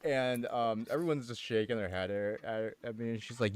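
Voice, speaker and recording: A man's voice: medium pitch, fairly even intonation, a little fast, few pauses, no echo. A man streaming from home, chatting casually and laughing between sentences as he tells a story. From United States. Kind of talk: casual storytelling while gaming.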